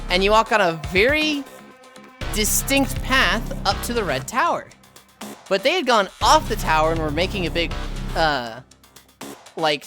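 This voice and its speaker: A woman streamer chats over game trailers and tells animated stories, swearing freely. Her pitch swings widely, and trailer music plays clearly behind her. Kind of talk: casual live-stream chat and storytelling.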